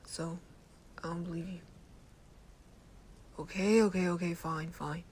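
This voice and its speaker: Sleepy protective teen boy played by a woman, soft low whisper, slow and easy, whispered role-play. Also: fairly even intonation, slight background noise, close to an everyday voice. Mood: relaxed. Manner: gentle, laid-back, hesitant. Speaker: ASMR creator.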